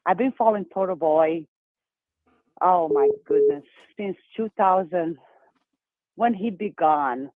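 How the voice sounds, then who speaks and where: A woman from Brazil with a Brazilian accent, calling in to a show and talking fast and emphatically. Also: on the low side, dry recording. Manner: fast, excited, emphatic talker. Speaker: caller. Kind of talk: call-in phone chat. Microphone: telephone. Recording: tinny dry phone line.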